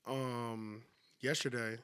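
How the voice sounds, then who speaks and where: A man's voice: mid-range voice, slow pace, smooth. A man co-hosting a podcast, chatting casually and acting out stories with laughs. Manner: animated storyteller, acts out scenes with laughs. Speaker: podcast co-host. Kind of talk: casual chat.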